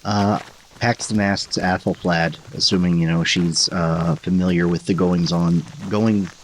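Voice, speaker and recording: A man's voice: deep voice, fairly even intonation, a little slow, a little hiss or hum, poor audio. A man chatting casually as a player in a tabletop game. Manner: casual, laid-back.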